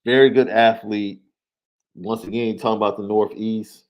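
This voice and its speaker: A man co-hosting a casual sports talk show, measured, repeating his points for emphasis. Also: lowish voice, fairly even intonation, muffled recording. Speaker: podcast co-host, recruiting analyst.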